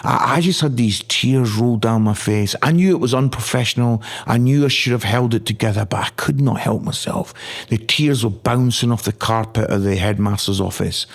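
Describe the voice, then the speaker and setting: A man's voice: medium pitch, moderate pace, creaky. Middle-aged guy from scotland, evangelist telling his story on a podcast, earnest and emotional, stumbles over words. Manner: earnest, emotional, repeats words when stirred. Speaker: evangelist guest.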